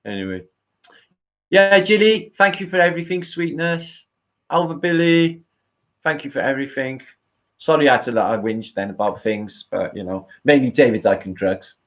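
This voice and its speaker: A man's voice: mid-range voice, animated, moderate pace, fairly bright tone. A man with a British accent hosting a casual livestream, rambling, swearing and thanking viewers by name. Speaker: livestream host. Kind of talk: casual live-stream chat.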